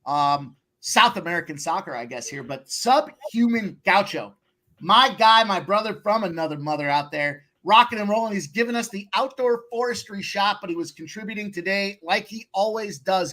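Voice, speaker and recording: A man hosting a sports betting show, talking in an energetic, slangy hype style. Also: high voice, normal speed. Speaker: host.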